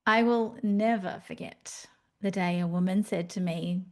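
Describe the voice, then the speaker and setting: A woman's voice: medium pitch, big pitch swings, takes it slowly, pauses often. A woman hosting a solo podcast, talking candidly and animatedly, with playful asides. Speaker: podcast host. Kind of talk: reflective solo podcast monologue.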